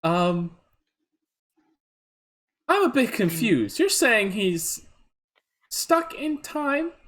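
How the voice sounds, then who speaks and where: A woman's voice: a little high, very animated, drawn-out words, a bit bright, pitched above the performer's own voice, exaggerated voice. A game master voicing a grand, theatrical woman who draws out her words and calls everyone darling. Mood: puzzled, cautious.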